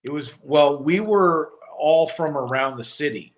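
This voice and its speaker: A man from the New York area co-hosting a casual live stream, talking in an animated, rambling way. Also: on the high side, a little slow. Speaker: co-host.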